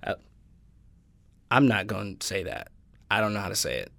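Earnest gravelly man talking faith. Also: lowish voice, moderate pace, fairly bright tone. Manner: earnest, quotes scripture at length. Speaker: podcast guest. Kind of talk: casual faith discussion.

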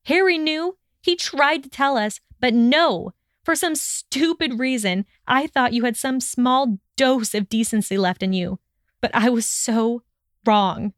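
Woman reading, doing a furious young witch, snappy and shrill, smooth clear voice. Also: steady tone, unhurried, no echo, clean studio sound, lightly acted. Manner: snapping, raised and shrill when angry. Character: furious young witch, sharp-tongued and proud.

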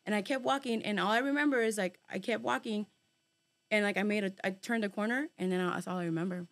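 Fast and mid-range in voice, a woman tells a long story about herself to a casual group chat. The telling is animated and loaded with swear words, fillers, and scraps of Spanish slang.

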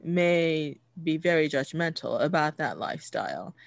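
A woman's voice: low voice, lively intonation, unhurried, vocal fry, dry recording, clean studio sound. A woman telling a personal story in casual chat, full of fillers and restarts. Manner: chatty, many fillers and restarts, laughs while telling.

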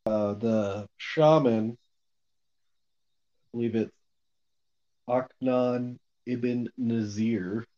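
A man's voice: mid-range voice, steady tone, very slow, long pauses, dark tone, lo-fi sound. A man casually recapping a novel on a podcast, rambling with lots of fillers and the odd swear. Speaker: podcast co-host recapping a book. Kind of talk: casual book discussion.

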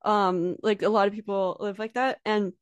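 A woman's voice: mid-range voice, level tone, moderate pace, smooth, no room sound. An American woman hosting a casual interview, chatty and giggly with lots of filler words. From United States. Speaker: podcast host.

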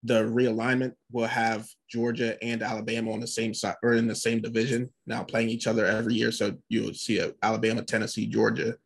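A man co-hosting a podcast, talking sports in a halting way with frequent restarts and swearing. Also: lowish voice, completely flat delivery, gravelly, slightly rough. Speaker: podcast co-host. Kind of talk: casual sports chat.

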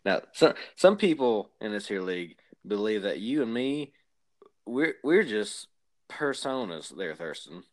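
A man playing a blustery Southern hillbilly podcast host with a drawling Southern accent and deliberately bad grammar. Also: fairly low pitch, big pitch swings. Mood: rambling. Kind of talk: comedic character banter.

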